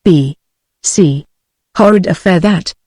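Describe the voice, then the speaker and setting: A woman's voice: fairly low pitch, takes it slowly, no echo, studio quality. A text-to-speech woman's voice with a British English accent, reading out a chattering gossipy society widow. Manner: flat synthetic reading, rattles on.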